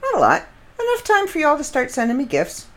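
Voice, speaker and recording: A woman's voice: high-pitched, huge pitch swings, brisk, fairly bright tone. A middle-aged woman from the United States telling rambling, chatty stories in a casual monologue and laughing at her own jokes.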